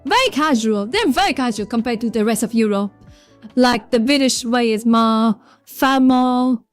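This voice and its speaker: Chatting casually on a livestream, a woman with a Vietnamese accent rambles and greets viewers from the chat by name. Her voice sits on the high side at a moderate pace, and the dry recording carries faint background music.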